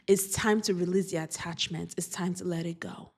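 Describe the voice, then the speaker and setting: A woman's voice: mid-range voice, darkish tone. A woman doing a spiritual oracle card reading, speaking earnestly and repeating affirmations. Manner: slow, repetitive, earnest affirmations.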